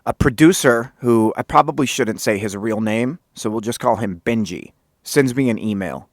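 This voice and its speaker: A man hosting his own podcast, telling a story in a casual, animated way and swearing freely. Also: mid-range voice, normal speed, no room sound, studio quality. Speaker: podcast host.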